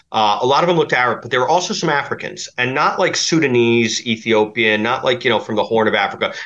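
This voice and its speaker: Guest, man, bright pushy tone, rambling storyteller, dull lo-fi line. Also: mid-range voice. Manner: rambling, with many fillers and restarts. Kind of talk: podcast interview.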